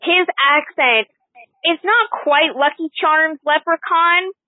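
A woman co-hosting a casual film podcast, opinionated and animated, laughing often as she picks apart a movie. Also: sits high, slow pace, no echo. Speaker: film discussion co-host. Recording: tinny phone-like line, dry.

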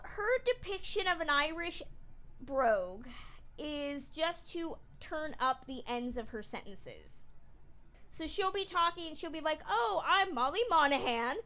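A high, bright woman's voice rises and falls with lively emphasis as she co-hosts a casual podcast chat about a classic film. She talks in an animated, emphatic way and often laughs as she goes. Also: takes it slowly. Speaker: podcast co-host.

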